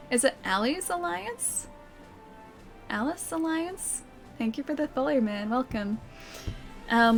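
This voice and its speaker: A young Australian woman streaming a game, chatting casually with her chat and laughing often. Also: a little high.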